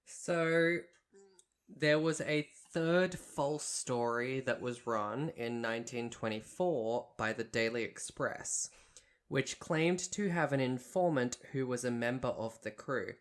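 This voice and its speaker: A woman with a very low, deep voice takes her time, laying out a history story on a podcast. She counts off her points one by one and stops to fix her own slips, all in an easygoing chat. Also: slow. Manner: recounts a history case point by point, correcting herself. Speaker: podcast co-host.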